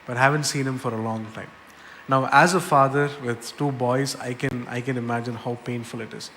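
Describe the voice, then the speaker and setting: A man's voice: medium pitch, steady tone, fairly quick, a bit bright. A middle-aged man from India, a pastor, teaching a church small group in an earnest way and repeating key points for emphasis. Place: church hall. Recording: long reverb, faint background noise.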